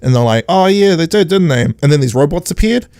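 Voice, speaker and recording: Sarcastic man, high-pitched and dry. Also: fast, no echo. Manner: sarcastic, animated retelling with mocking quoted voices. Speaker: podcast co-host. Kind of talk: casual podcast chat, recapping an episode.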